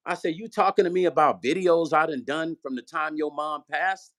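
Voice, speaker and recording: His voice sits fairly high and moves at a normal speed as this vlog-hosting musician narrates a long story in a chatty way. Lively and profane, he performs the dialogue he quotes.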